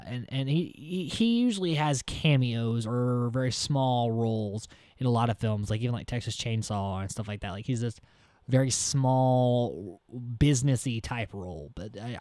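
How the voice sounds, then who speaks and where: A man's voice: mid-range voice, darkish tone, no room sound. A man hosting a podcast, recapping a movie in a casual, rambling way, swearing freely and chuckling as he goes. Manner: rambling and profane, heavy use of "like"; chuckles through the retelling. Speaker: podcast host.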